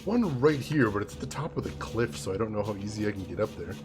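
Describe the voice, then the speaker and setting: A man giving chatty, animated commentary while playing a video game, laughing often. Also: on the low side, quick pace. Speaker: gaming streamer. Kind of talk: casual let's-play commentary.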